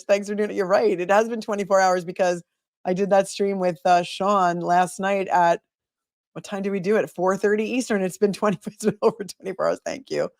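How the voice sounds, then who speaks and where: A woman's voice: fairly low pitch, darkish tone, dry recording. A woman hosting a live stream about a trial, chatting casually and thanking her viewers by name. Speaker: live-stream legal commentator.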